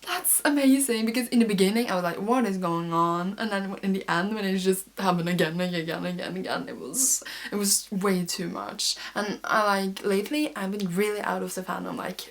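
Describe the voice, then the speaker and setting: A woman's voice: medium pitch, steady tone, a little fast, creaky, few pauses. A young woman vlogger chatting casually, gushing and rambling with lots of sighs and fillers. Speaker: fan vlogger. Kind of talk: casual chat.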